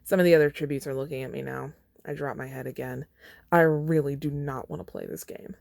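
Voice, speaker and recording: A young woman with a notably low voice reads fan fiction aloud, dropping wry, casual asides between passages. The sound is dry and close, with no room echo. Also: fairly even intonation, brisk, gravelly, a little mellow. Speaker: podcast host.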